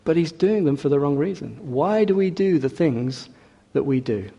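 Man, preacher, earnest sermon, mellow tone, slightly high voice, long hall reverb. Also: animated, moderate pace, creaky, husky, muffled recording. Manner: earnest, with rhetorical questions and hesitant restarts.

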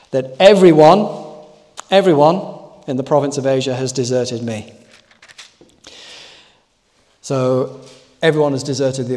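Male preacher, mellow tone, conversational sermon delivery, church hall reverb. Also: medium pitch. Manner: conversational, emphatic on key words.

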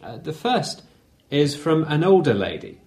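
A man's voice: a little high, big pitch swings, a little slow, darkish tone. Male preacher, casual storytelling sermon, uh fillers.

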